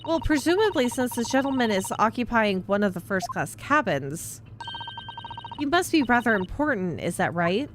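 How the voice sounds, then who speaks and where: A woman's voice: a little high, very animated, moderate pace, background noise. Woman reading a courteous young lady assistant. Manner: courteous and formal.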